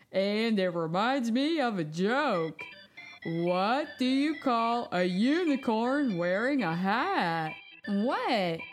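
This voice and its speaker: A woman hosting a children's podcast, telling stories and jokes in a playful, expressive way. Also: a little high.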